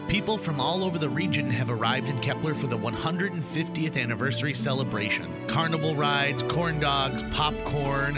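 A man giving upbeat, announcer-style scripted narration for an audio drama. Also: fairly high pitch. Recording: loud music underneath.

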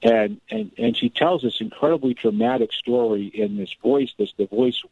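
Gravelly, animated male storyteller. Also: medium pitch, moderate pace, no echo. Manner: animated, restarts often, storyteller. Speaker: author and guest. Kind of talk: casual radio interview storytelling. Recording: dull, slightly lo-fi radio sound.

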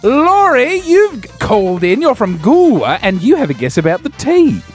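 A man's voice: very high-pitched, huge pitch swings, moderate pace, faint music behind. A young Australian man hosting a breakfast radio show, teasing and mock-dramatic in playful banter.

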